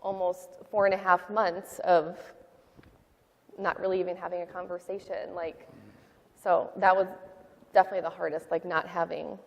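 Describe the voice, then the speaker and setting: A woman sharing a personal testimony in a church interview, talking in a halting, heartfelt way with many fillers. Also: lowish voice, little pitch movement, vocal fry, big-room sound, lo-fi sound. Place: church sanctuary.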